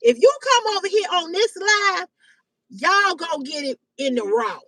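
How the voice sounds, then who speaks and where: Woman in her fifties, very high voice, blunt profane live-stream rant, dry close sound. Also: lively intonation, moderate pace, no room sound, distant mic, rough recording. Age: 50s. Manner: blunt, loud, heavy cursing. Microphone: phone or webcam on a live stream.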